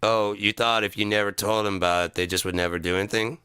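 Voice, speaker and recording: A man's voice: on the low side, fairly even intonation, quick pace, sharp tone, clear, resonant tone, no echo, clean studio sound. A man ranting sarcastically and profanely, mocking people and slipping into put-on voices. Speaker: comedic commentator. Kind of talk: sarcastic solo rant.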